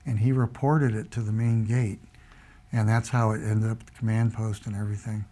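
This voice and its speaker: A man's voice: on the low side, fairly quick. An older American man, a retired Air Force veteran, telling his stories in an oral history interview and acting out the dialogue he quotes. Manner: relaxed anecdotal storytelling, acts out quoted dialogue.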